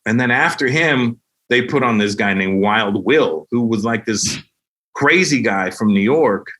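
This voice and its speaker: A middle-aged man, a comedian guest, casually telling animated stories and laughing as he goes. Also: mid-range voice, unhurried. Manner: animated, acts out other people's voices with laughs. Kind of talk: casual storytelling anecdotes.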